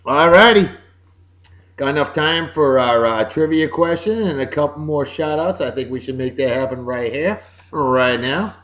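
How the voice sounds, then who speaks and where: A man with a Boston accent hosting a casual show, giving upbeat, jokey birthday shout-outs. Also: a little high, moderate pace, lo-fi sound. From Massachusetts. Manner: upbeat, jokey, sing-song greetings. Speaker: podcast host.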